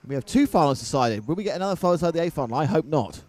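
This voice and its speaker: A man's voice: fairly high pitch, expressive, rapid-fire, a little mellow. A man commentating live on a model car race, mixing race calls with jokey banter.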